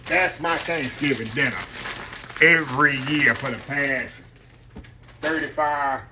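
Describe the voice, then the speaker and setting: A man's voice: fairly high pitch, sharp tone, a little hiss or hum. A middle-aged man, chatting folksily to his viewers as he cooks at home. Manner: folksy, chatty, talks straight to viewers as y'all. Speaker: cooking vlogger. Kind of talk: casual cooking vlog. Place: home kitchen.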